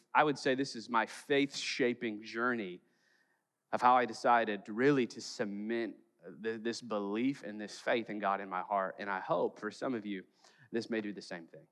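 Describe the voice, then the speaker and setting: A pastor from Chicago preaching a sermon in church, telling stories with jokes and playful acted quotes. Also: male voice, mid-range voice, fairly bright tone, big-room sound. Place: church sanctuary.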